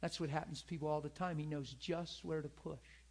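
A male preacher with a husky voice that sits a little high. He talks through his sermon in an earnest, conversational way and often turns to the listeners for agreement. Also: steady tone, brisk, darkish tone. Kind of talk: sermon with personal story.

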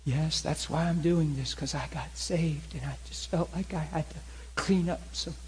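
Guy playing a crying old man owning up, slow and heavy. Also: fairly high pitch, darkish tone, slight background noise, close to an everyday voice. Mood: remorseful. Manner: halting, heavy confession. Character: tearful, remorseful elderly man confessing.

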